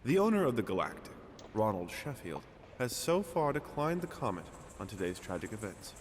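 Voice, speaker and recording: A formal, solemn news announcer reads out a bulletin. His voice is fairly low. A long reverb hangs around each phrase. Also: very animated, normal speed, slight background noise.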